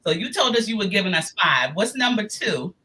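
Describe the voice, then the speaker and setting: A woman's voice: medium pitch, big pitch swings, brisk, sharp tone, low-quality recording. A woman hosting a casual livestream discussion, chiming in with enthusiastic, affirming remarks. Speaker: host.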